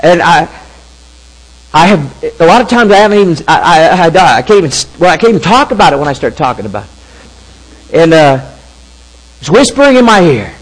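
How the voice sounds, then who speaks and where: A middle-aged man preaching a storytelling sermon in an animated, halting way with frequent restarts. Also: on the high side, rough recording.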